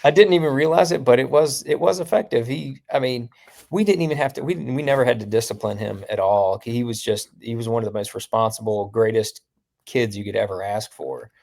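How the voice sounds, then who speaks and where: A middle-aged man, a guest, telling family stories in casual conversation, halting and restarting often. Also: mid-range voice, gravelly, darkish tone. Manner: storytelling, halting with restarts, quotes his family.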